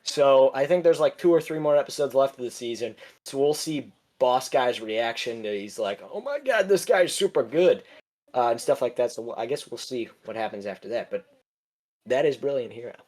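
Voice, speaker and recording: A man's voice: mid-range voice, brisk, a little mellow. A young man co-hosting a podcast, recapping casually with many fillers, restarts and swearing. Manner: rambling, filler-heavy, swears freely. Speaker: podcast co-host. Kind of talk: casual chat.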